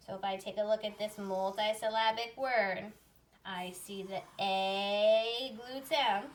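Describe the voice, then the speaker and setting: A woman teaches phonics to young readers, stretching out each sound so it is easy to follow. She speaks at an unhurried pace in a mid-range voice. She sits slightly back from the microphone. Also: medium pitch, fairly bright tone. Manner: slow, clear sounding-out of words. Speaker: reading teacher. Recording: voice a little far from the mic.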